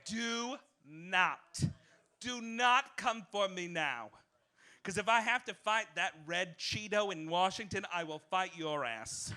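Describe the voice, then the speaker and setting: Male cabaret comic, campy and theatrical, bright voice, unhurried delivery. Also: high voice. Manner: campy, theatrical, swings into shrieking outbursts. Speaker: comedy host. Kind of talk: stand-up comedy monologue. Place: small cabaret club with live audience.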